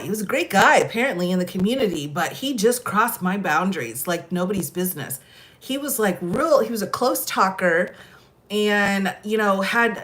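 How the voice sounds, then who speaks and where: A middle-aged American woman telling stories in a casual chat, laughing often and animated. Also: mid-range voice. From United States. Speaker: host.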